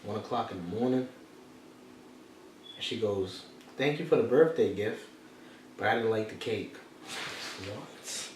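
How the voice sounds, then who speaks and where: A man's voice: fairly low pitch, measured pace, pauses often, distant mic. A man, telling a personal story as a motivational podcast host. He repeats his key phrases like a preacher. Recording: echoey room, off-mic, faint noise.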